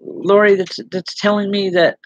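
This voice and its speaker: Halting, reassuring woman medium, dry sound. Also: medium pitch, level tone, no room sound, lo-fi sound. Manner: halting, repeating words, gently reassuring. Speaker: spiritual medium. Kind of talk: live online psychic readings.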